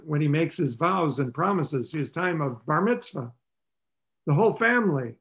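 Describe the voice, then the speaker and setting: A man preaching a sermon in a conversational way, asking the listeners rhetorical questions. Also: creaky. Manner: voices the characters' lines with rising pitch.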